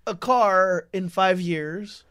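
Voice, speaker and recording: A man in his thirties talks loosely with a friend, teasing and swearing freely. His voice sits notably high for a man. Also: slow pace, fairly bright tone, clean tone. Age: 30s. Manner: laughing, teasing, profane. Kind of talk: casual chat.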